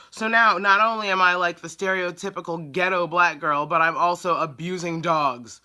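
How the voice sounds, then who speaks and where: A woman's voice: on the low side, moderate pace, hardly any pauses, bright, forceful tone. A woman who works as a dog groomer tells a story in a casual vlog, blunt and exasperated as she vents.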